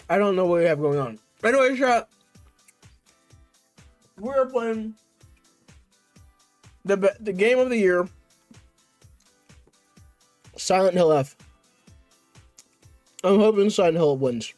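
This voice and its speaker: A man with a fairly high voice talks casually to his live-stream chat. He trash-talks viewers playfully and rambles, often restarting mid-sentence. Soft music plays quietly in the background. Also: dry recording. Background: faint music.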